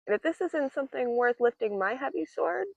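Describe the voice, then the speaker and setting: A woman's voice: high voice, animated, a little fast, gravelly, darkish tone, no room sound, lo-fi sound. A young woman giving a casual tarot reading, chatty and playful, with many fillers and giggles. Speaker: tarot reader.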